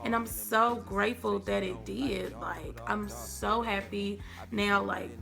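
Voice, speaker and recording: A young woman vlogger, telling a dramatic storytime in a casual, animated way. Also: mid-range voice, takes it slowly, creaky. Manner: animated, dramatic, acts out quotes. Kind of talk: storytime vlog. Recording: faint background music.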